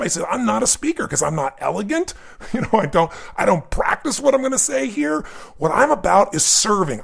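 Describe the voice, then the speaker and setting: A man in his fifties, a motivational coach giving an emphatic, energetic seminar talk. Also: high-pitched, gravelly, slightly rough.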